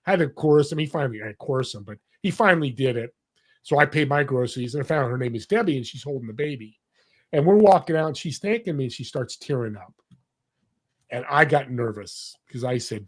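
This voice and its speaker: A man guesting on a podcast, telling an earnest, animated story and acting out the people in it. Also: a little high, brisk, breathy edge. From California. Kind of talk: storytelling interview talk.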